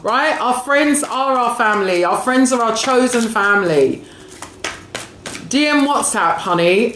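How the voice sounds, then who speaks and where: A woman's voice: on the high side, fairly bright tone. A woman giving a live-streamed oracle reading, affectionate, calling viewers darling and sweetie, often asking "right?" and laughing as she talks. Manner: laughs often while talking. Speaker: spiritual reader and coach. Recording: echoey room with faint background noise.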